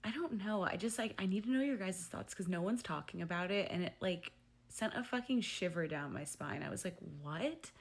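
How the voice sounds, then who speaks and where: A woman's voice: mid-range voice, lively intonation, normal speed. A woman giving casual commentary on a reality show, hedging with lots of "like" as she lists her points. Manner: hedging, full of "like", listing points.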